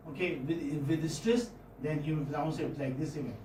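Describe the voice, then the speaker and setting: A man's voice: a little high, fairly quick, noisy background. A man teaching phonetics in a classroom lecture, patiently checking in with his students as he goes. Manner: patient, checks in often with "okay?" and "hmm?". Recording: echoey classroom, mic far off.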